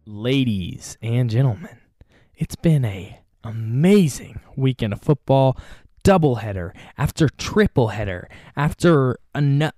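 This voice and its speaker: A man hosting a casual football recap, joking and animated, with big swings in his voice. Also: mid-range voice, measured pace, no echo, studio quality. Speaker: sports show host.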